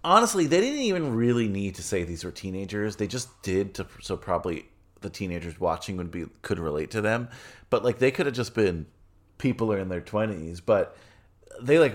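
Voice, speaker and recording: A man co-hosting a casual film podcast, relaxed and chatty, laughing often. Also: lowish voice, moderate pace. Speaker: podcast co-host.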